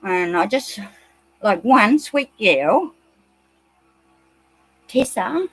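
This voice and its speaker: A woman's voice: medium pitch, expressive, extremely slow, slightly rough, dry recording, low-quality recording. A woman with a New Zealand accent, ranting agitatedly in a rambling monologue and swearing often.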